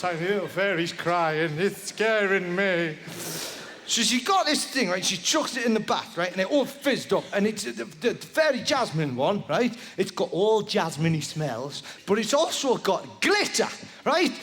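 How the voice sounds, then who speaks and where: A man's voice: high-pitched, moderate pace, big-room sound. A male stand-up comedian telling a rambling story live on stage, tagging lines with "right?". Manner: rambling, animated storytelling with constant "right?" tags. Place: live comedy venue with audience. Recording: live venue with background noise.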